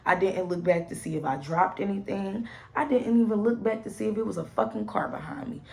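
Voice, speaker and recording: A young woman telling a personal story to her viewers in an animated storytime vlog, talking straight to them and swearing freely. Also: mid-range voice, brisk, creaky, poor audio. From St. Louis area, USA. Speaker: vlogger.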